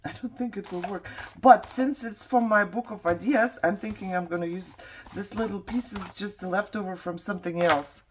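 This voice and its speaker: A woman whose first language is not English, rambling through a craft video at an ordinary middle pitch. She tells a story while she works, breaking into laughs and muttering to herself about what to do next. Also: moderate pace, noisy background. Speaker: craft vlogger.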